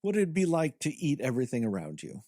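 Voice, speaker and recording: This podcast co-host is a fast talker with a medium-pitched voice, captured in clean studio sound free of room noise. He rants about a movie in laid-back conversation, animated, sarcastic and swearing throughout.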